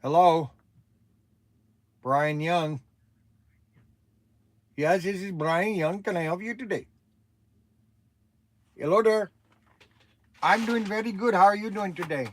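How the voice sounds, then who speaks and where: A man's voice: high voice, slow, pauses often, a bit bright. A man hosting a casual livestream, talking in a chatty, rambling way with many restarts. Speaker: livestream host.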